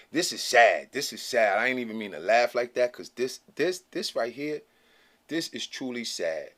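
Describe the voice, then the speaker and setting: A man runs his own channel and speaks to camera in a lowish, slightly bright voice. Casual and blunt, he leans on slang and emphasis, punctuating his points with "okay?".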